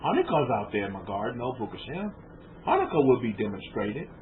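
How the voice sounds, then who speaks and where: A man's voice: mid-range voice, wildly swooping pitch, quick pace. A man giving a rabbi's informal sermon to a small group in a room, asking his listeners rhetorical questions and repeating words as he goes. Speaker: rabbi teaching a congregation. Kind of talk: conversational sermon lecture. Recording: tinny phone-like lo-fi with faint noise.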